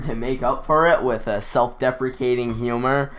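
A teenage boy talks over a clip in a loose, rambling way, heaping sarcastic mockery on what he is watching. His voice sits at an ordinary middle pitch for a young man. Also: fairly even intonation, normal speed, fairly bright tone. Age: teens. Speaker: YouTube roast commentator. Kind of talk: casual mocking commentary.

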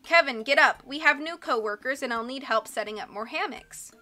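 A woman voicing a bossy hunchbacked carnival man who talks in a brisk, matter-of-fact way. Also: sits high, pushed and bright, soft background music.

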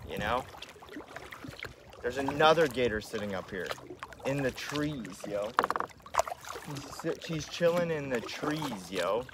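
Young dude cussing away from his kayak, loud water and wind noise all over, mid-pitched voice. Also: takes it slowly, pauses often. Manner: profane, slangy, excitable. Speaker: live streamer. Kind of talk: casual live-stream chat. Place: kayak on a river, outdoors.

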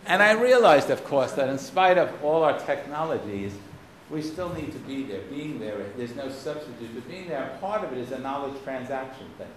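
A man from the United States with a faded Boston accent delivers a keynote as a wry, digressive storyteller who drops blunt asides. His voice sits at an ordinary pitch. The lecture hall's reverb is clearly audible behind him, with a faint steady hiss. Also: normal speed. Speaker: keynote speaker. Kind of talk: anecdotal lecture. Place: lecture hall. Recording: roomy hall with faint noise.

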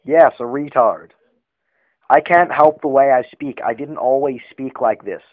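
A man on a prank phone call, posing as a slow-speaking, touchy customer who stammers and halts. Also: medium pitch, no room sound, close to an everyday voice. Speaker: prank caller. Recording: tinny dry phone line.

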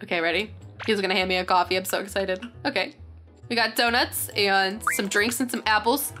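A young woman hosting a game tour, gushing with excitement and saying "very, very" over and over as she chats casually. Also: medium pitch, a little fast. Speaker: gaming channel host. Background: faint background music.

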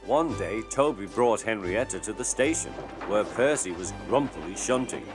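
A man narrating a children's storybook in an expressive, gentle way. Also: on the low side, moderate pace, few pauses. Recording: background music.

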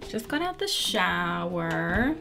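A young woman chatting casually to camera at home in a lifestyle vlog, bubbly and excitable. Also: fairly low pitch, slow, vocal fry, music in the background. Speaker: lifestyle vlogger. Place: at home in her room.

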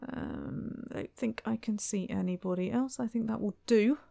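A woman's voice: medium pitch, sing-song, normal speed, gravelly, dark tone, no echo. A woman commentating on her own gameplay in a wry, chatty way, full of exasperated asides. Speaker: let's play host.

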